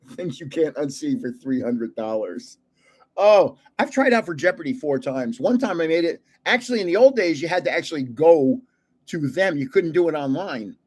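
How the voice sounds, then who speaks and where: Somewhat high, animated, slightly mellow and husky, an older man speaks at a moderate pace while hosting a trading card livestream. His casual storytelling wanders through anecdotes with frequent self-corrections and chuckles.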